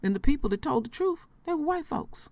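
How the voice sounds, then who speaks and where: A woman's voice: high voice, expressive, fairly quick, vocal fry, darkish tone, no echo. A woman vlogger giving emotional commentary in a blunt, emphatic way, swearing freely.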